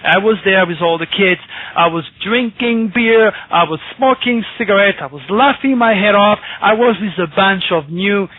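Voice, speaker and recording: A man's voice: high-pitched, normal speed. A man from France, an astrologer guest telling a personal story on a radio interview, emphatic and repeating his words. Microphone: telephone. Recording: tinny phone line, dry.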